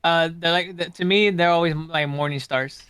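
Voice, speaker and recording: A man's voice: a little high, steady tone, moderate pace, fairly bright tone, smooth, dry recording. A man who is a guest streamer on a podcast, chatting casually and repeating phrases as he rambles. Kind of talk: casual chat.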